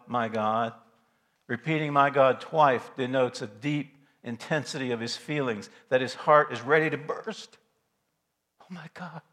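A male pastor preaching a sermon, dramatic, dropping to a hush and then rising to loud, forceful passages. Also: medium pitch. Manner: dramatic swings between hushed and loud passages.

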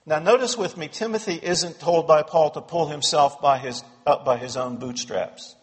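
A man's voice: fairly high pitch, normal speed, long reverb tail. A man preaching an expository sermon to his congregation, pressing points with emphatic repetition. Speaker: pastor. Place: church sanctuary.

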